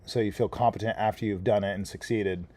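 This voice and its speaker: A man's voice: lowish voice, fairly even intonation, fast talker, mellow. A middle-aged man hosting a casual podcast chat, talking things through in a reflective way and swearing now and then. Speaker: podcast host.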